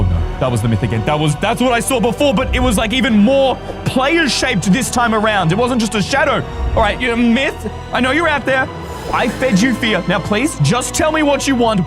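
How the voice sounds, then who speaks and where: High-voiced excitable gaming man. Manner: excitable, panicky, talks to viewers. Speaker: gaming YouTuber. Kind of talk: gaming commentary. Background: background music.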